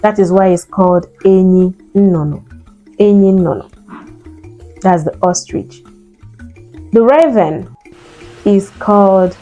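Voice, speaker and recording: A woman, an Igbo speaker, teaching vocabulary and slowly repeating each word for learners to copy. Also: medium pitch, dark tone, highs cut off. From Nigeria. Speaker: language teacher. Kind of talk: vocabulary lesson.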